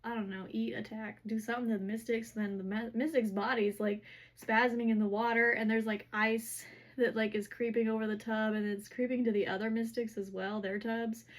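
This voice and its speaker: Recapping a fantasy book for her vlog, this woman talks a little fast in a highish voice that barely changes pitch. She wanders casually, peppering everything with "like" and "whatever."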